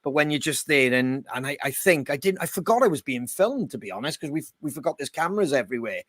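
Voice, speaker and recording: A man talks loosely and at length, swearing and laughing as he goes. His voice sits a little high, and the sound is close and dry with no room around it. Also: lively intonation, fast, fairly bright tone, dry recording. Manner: rambling, swears freely, laughs often. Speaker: band member co-hosting a podcast. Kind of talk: casual chat.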